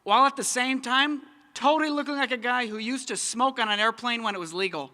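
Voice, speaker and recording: Young male comic, bright voice, lively self-deprecating stand-up. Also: very high voice, brisk. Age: young adult. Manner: animated, self-mocking. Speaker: stand-up comedian. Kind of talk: stand-up comedy set.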